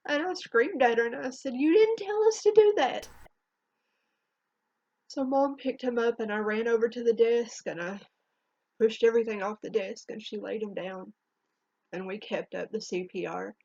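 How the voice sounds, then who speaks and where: A woman telling a painful personal story in a halting, emotional way, her voice trembling near tears, in a dull lo-fi home recording. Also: on the high side, steady tone, creaky, darkish tone, no echo. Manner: halting, emotional, with restarts and long pauses. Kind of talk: personal spoken testimony.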